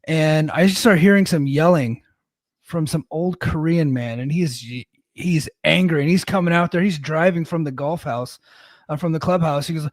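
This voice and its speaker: A man's voice: on the high side, moderate pace, no room sound, clean studio sound. A man in his thirties, co-hosting a podcast, tells a rambling, self-deprecating story in casual chat with lots of restarts. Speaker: podcast co-host.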